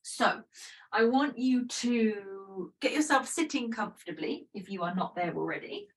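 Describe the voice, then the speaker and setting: A woman guiding a yoga breathing practice in a gentle, chatty, self-deprecating way. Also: fairly high pitch, a little slow, recorded from a distance, poor audio. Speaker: yoga teacher. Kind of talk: guided breathing instruction.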